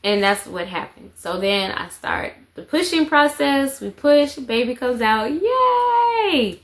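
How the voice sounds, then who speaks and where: A woman's voice: fairly high pitch, measured pace. Chatty mother telling a story. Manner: chatty, repeats phrases for emphasis. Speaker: vlogger, mother of four. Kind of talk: casual storytelling to camera.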